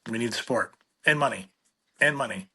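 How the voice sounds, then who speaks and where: A middle-aged man, a veterinarian, telling a comic story in an interview in an animated, self-deprecating way and acting out the dialogue. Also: medium pitch, moderate pace, husky. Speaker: veterinarian, podcast guest.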